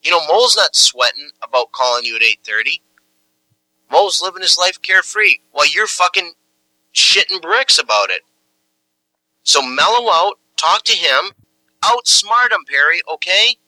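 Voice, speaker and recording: A man's voice: sits high, very animated, moderate pace, bright, forceful tone, no room sound, rough recording. A man in an improvised comic argument, coaxing and lecturing another man.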